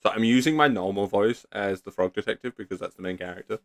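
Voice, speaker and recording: Low-voiced man casually commenting on a game. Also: fast, faint music behind. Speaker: gaming video creator.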